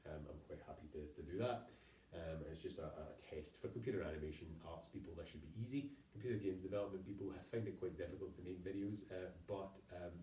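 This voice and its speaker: A university lecturer and program leader gives a recorded lecture in a room by a town hall, rambling along with self-corrections and wry asides. His voice is low-pitched and dark, picked up off-mic from a distance in an echoey room, with a little hiss or hum.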